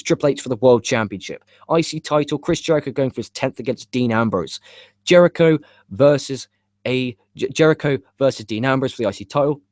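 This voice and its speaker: A man's voice: mid-range voice, a little fast, a little mellow, no room sound. Swearing, frustrated young man, dry mic. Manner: frustrated, swearing, rambling with stammers. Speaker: live show host. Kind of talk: live stream chat about wrestling. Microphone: cheap USB microphone.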